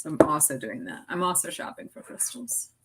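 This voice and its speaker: A woman's voice: low-pitched, huge pitch swings, moderate pace, very noisy. A middle-aged woman co-hosting a casual late-night live stream, bubbly and chatty, pulling tarot cards and laughing often.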